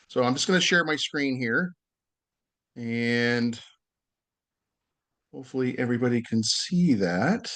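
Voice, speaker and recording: A man's voice: mid-range voice, expressive, unhurried, long pauses, fairly bright tone. A man giving a casual online talk as a yoga teacher, friendly and loose, with many fillers and restarts, and guiding a breathing exercise over a video call. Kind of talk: casual presentation with guided breathing.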